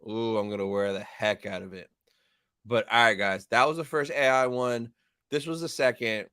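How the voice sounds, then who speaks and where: A young man hosting a live stream, reading chat and thanking viewers in an upbeat, chatty way. His voice is smooth and clear, at a middle pitch. The sound is dry and close to the microphone. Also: fairly even intonation, moderate pace, pushed and bright, dry recording.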